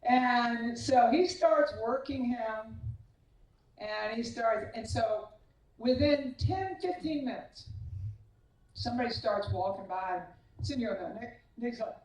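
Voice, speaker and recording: A woman giving a banquet acceptance speech, telling animated, self-deprecating anecdotes as a tennis coach. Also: on the high side, slow pace, slight background noise. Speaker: hall of fame inductee, tennis coach. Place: large banquet hall. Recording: echoey hall, voice far from the mic.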